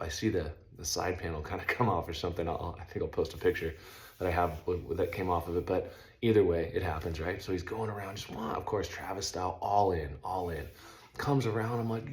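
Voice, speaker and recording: A middle-aged man casually telling a story on his vlog, loose and slangy, breaking into loud sound effects. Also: sits low. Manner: laid-back, uses slang like stoked and dope.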